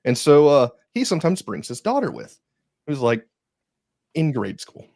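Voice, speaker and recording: A man's voice: fairly high pitch, normal speed, vocal fry, no echo, clean studio sound. A man chatting as a podcast guest, telling stories and acting out his own reactions. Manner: animated storyteller, acts out his own reactions. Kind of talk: casual chat.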